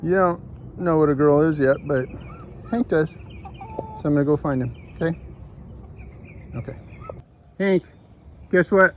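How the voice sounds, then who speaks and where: A backyard animal keeper chatting casually to pet emus outdoors, often slipping into high baby talk. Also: a little slow, pauses often, a little hiss or hum. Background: faint outdoor ambience and bird sounds.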